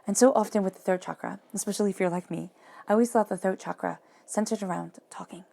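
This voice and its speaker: A woman giving a monthly tarot reading, talking softly and reflectively and repeating phrases for emphasis. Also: mid-range voice, steady tone, fast, vocal fry. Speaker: tarot reader.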